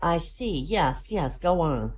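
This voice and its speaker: A woman voicing an older male priest who calmly coaches a nervous younger one. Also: on the low side, takes it slowly. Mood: coaching. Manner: patient, instructive.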